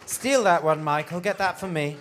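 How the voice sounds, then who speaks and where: A British man hosting a live cabaret night, with camp, teasing, quick-witted banter. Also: fairly high pitch. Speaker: host. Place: club stage with live band.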